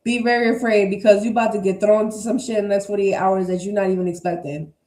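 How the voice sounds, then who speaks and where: A woman's voice: mid-range voice, steady tone, quick pace, warm tone. A woman giving a casual tarot energy reading to her viewers, blunt and emphatic, with plenty of swearing. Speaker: tarot reader. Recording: roomy echo.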